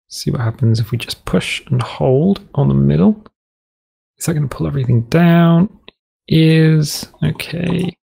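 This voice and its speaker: British guy rambling over a game map editor, gravelly kinda husky voice. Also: fairly high pitch, warm tone. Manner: rambling, self-deprecating, digressive. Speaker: gaming video host. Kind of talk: rambling let's-play commentary.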